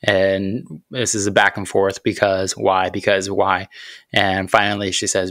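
Guy in his 30s, lowish voice, earnest reflective storytelling, dry close sound. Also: flat delivery, a bit bright, dry recording. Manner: earnest, reflective, unhurried, with thoughtful pauses. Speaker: podcast host. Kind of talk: personal storytelling on faith and parenting.

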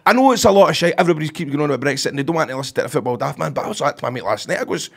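A young Scottish man with a high, husky voice and a gravelly edge to it. He talks in lively, sweary podcast banter that swings up and down in pitch. He laughs often. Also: very fast. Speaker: podcast co-host.

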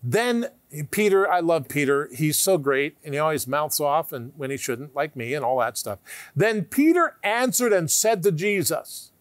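A man giving emphatic televised Bible teaching, asking rhetorical questions and sometimes dropping to a hushed tone. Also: fairly high pitch, expressive, normal speed, no echo.

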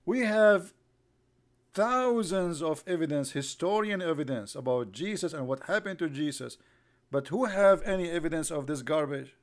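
A man's voice: on the high side, lively intonation, moderate pace. A man hosting a live online broadcast, mocking his subject with sarcastic rhetorical questions, repetition and bursts of laughter. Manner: rhetorical, repeats himself.

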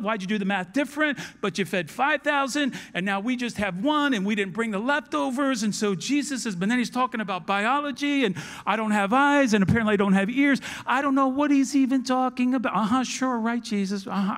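A man in his fifties preaching a sermon as pastor, animated and storytelling, acting out dialogue. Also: very high-pitched.

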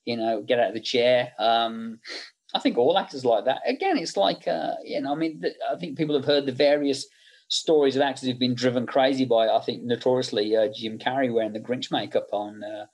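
A man's voice: medium pitch, fairly quick, darkish tone. A middle-aged man, a makeup effects artist, chatting casually in an interview and telling anecdotes with many fillers.

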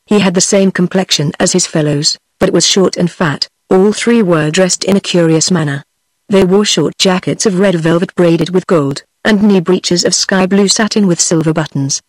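A woman with a British English accent, a synthetic voice, narrating a storybook in an even, unhurried reading. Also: on the low side, no room sound. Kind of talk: audiobook narration.

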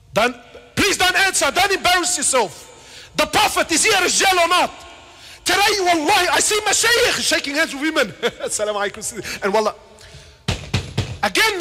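A man preaching a passionate sermon, swinging between shouted questions and quiet asides, with Arabic words and casual slang mixed into his speech. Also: very high voice. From Lebanon. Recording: reverberant hall.

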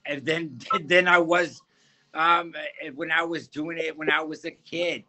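Fervent halting man sharing testimony. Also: a little high, steady tone, pushed and bright, poor audio. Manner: halting, fervent, repeats words. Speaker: guest giving testimony. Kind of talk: personal faith testimony in interview.

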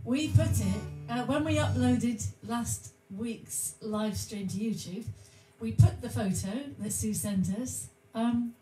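A woman with a high voice co-hosts a home music live stream. She chats and giggles with enthusiasm. She is heard in a roomy space with an echo. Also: slow, hardly any pauses, dark tone. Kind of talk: casual chat between songs.

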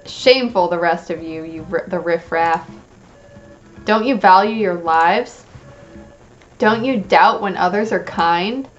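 A sneering young man from a game, turned cruel and contemptuous, put on by a woman reading the lines, cackling at everyone around him. The voice comes through dull and lo-fi. Soft game music sits underneath. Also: lowish voice, takes it slowly, pauses often. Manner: mocking, cackling.

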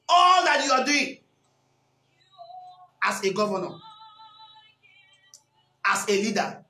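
A man preaching a sermon with great passion, often shouting and repeating lines. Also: high-pitched, big pitch swings, slow pace, pauses often, soft background music. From Nigeria. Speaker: pastor. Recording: echoey hall.

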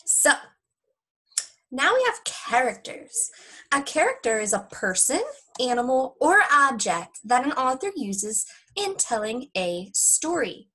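At home, a young woman teacher records a lesson, reading a story aloud to young children in a lively, chatty way. Her voice is high-pitched and slow, and the recording sounds rough.

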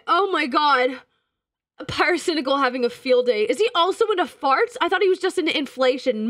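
A woman's voice: sits high, animated, a little fast, a bit bright, no room sound, studio quality. A young woman streamer chatting casually with her chat, crude and teasing, laughing often. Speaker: VTuber streamer.

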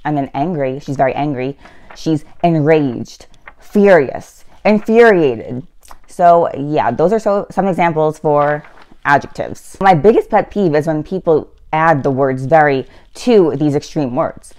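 A woman's voice: low-pitched, animated, unhurried, darkish tone. A woman giving a casual lesson on writing, explaining with chatty asides and self-corrections. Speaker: writing tutor.

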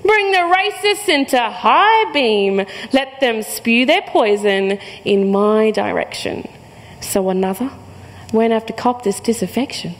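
A woman's voice: on the high side, lively intonation, a little slow. A young woman with an Australian accent performing spoken word poetry to a live crowd, with rhythmic, rhyming, punchy lines and playful banter. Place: hall before a live audience. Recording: reverberant hall.

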